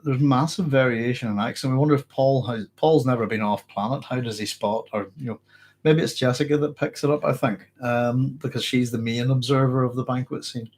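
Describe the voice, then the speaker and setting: A man's voice: medium pitch, fairly even intonation, a little fast, a little mellow. A middle-aged man with a mixed Northern Irish accent and a cold, casually answering live chat questions with many restarts. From Northern Ireland. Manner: rambling, many restarts, chuckles often. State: has a cold, hoarse throat. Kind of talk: casual livestream Q&A.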